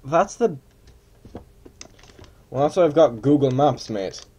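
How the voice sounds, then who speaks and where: A man narrates his flight-simulator session in loose, self-mocking commentary. He talks slowly, with a lively, swinging pitch. He mutters asides to himself and drops into mock cabin announcements. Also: slight background noise. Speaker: gamer playing a flight simulator. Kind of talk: casual gameplay commentary.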